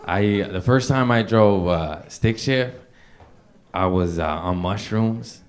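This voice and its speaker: A man's voice: lowish voice, takes it slowly. A young man doing stand-up, telling a long story in a loose, profane way and chuckling as he goes. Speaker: stand-up comedian. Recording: live room with audience laughter.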